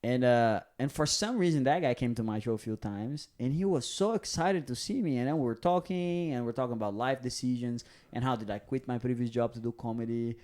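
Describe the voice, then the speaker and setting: Brazilian comedian guy on a podcast, relaxed dark voice, acts out everyone in his stories. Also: mid-range voice, brisk, few pauses. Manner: animated storyteller, acts out quoted voices. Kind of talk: casual storytelling chat.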